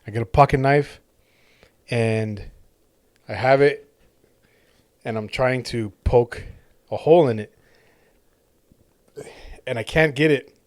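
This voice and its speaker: A man's voice: mid-range voice, slow pace, long pauses, no echo, clean studio sound. A man co-hosting a podcast, telling a rambling story in casual chat and swearing freely. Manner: rambling storyteller, swears a lot, acts out quotes. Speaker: podcast co-host.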